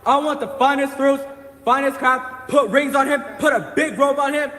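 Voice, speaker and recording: Skit role: man as a gentle, forgiving father, high voice, long hall reverb. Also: steady tone, normal speed. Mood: overjoyed. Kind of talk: church youth skit. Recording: echoey hall.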